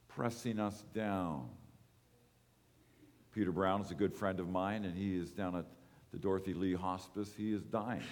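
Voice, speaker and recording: A man preaching a sermon as pastor, earnest and repeating words for emphasis, his voice swelling and dropping. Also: mid-range voice. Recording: long echo of a large hall.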